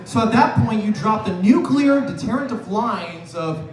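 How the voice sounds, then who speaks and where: High-voiced young man doing stand-up. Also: animated, normal speed. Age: 20s. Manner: loose, rambling, profane delivery. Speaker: stand-up comedian. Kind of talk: stand-up set. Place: bar stage before a live audience. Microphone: camera far from the stage. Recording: roomy, distant bar recording with crowd.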